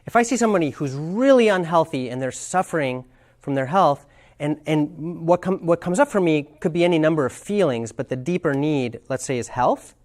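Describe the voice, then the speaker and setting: A man's voice: a little high, lively intonation, a little fast, a little mellow. Thoughtful man teaching a workshop. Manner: thoughtful, searching for words. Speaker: communication trainer.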